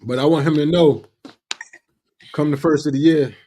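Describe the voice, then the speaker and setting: A man's voice: fairly high pitch, steady tone, moderate pace, mellow, husky. A man in casual podcast banter, laid-back and easygoing.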